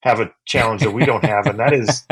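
A man co-hosting a podcast, talking in a relaxed, joking and earnest way. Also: on the low side, a little fast, husky. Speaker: podcast co-host. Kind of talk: casual chat.

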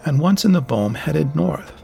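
A man's voice: fairly high pitch, lively intonation, moderate pace, gravelly, mellow, soft background music, voice pushed up. A man reading an audiobook voices a sly old hermit who talks down to a younger man in a taunting, condescending way.

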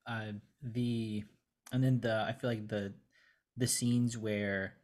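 Earnest, lower-voiced male co-host. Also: fairly even intonation, slow, darkish tone. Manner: earnest, searching for words. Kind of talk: casual comic book review chat.

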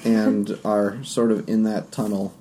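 A man narrating as game master of a tabletop game, describing scenes loosely with fillers and quick asides. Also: fairly low pitch, level tone, mellow, a little hiss or hum.

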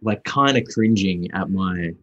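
A young Australian man, a guest actor, chatting casually in an interview, halting and restarting often. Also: sits low, a bit bright, no echo, muffled recording. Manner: halting, full of restarts and fillers.

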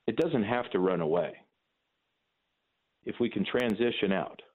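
A man's voice: lowish voice, a little slow. A man hosting a call-in radio talk show, opinionated and emphatic, with mocking asides. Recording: phone-like narrow band.

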